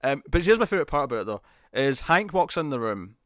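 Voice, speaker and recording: On a TV podcast, a male co-host with a highish voice animatedly recaps episodes, laughing and acting out quotes as he rushes through scenes. The clean studio recording has no room sound.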